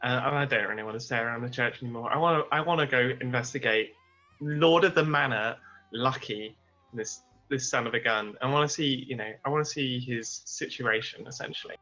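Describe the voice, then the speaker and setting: A man playing a tabletop game, stammering and excitable as he talks. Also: medium pitch, fairly quick, dull audio. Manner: stammering, excitable, laughs easily. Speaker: player. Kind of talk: casual tabletop game play.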